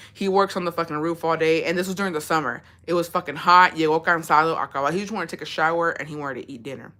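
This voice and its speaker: A woman's voice: lowish voice, bright, forceful tone. A woman vlogger giving blunt, profane advice in a casual chat, telling a story with lots of swearing.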